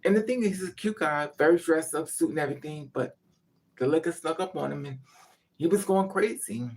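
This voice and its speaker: A woman's voice: low-pitched, brisk, darkish tone, a little hiss or hum. A woman vlogger telling a rambling, profane story in casual chat to her viewers.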